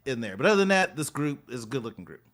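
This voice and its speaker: Middle-aged male podcast co-host, mid-pitched voice, frank and quick to laugh. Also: big pitch swings, fairly bright tone. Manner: laughs often, frank opinions. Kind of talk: casual chat.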